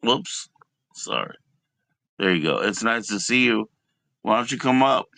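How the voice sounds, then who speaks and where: A man's voice: fairly low pitch, animated, measured pace, creaky, sharp tone, dry recording. A man live-streaming in casual chat, teasing and chatty as he invites viewers to join him.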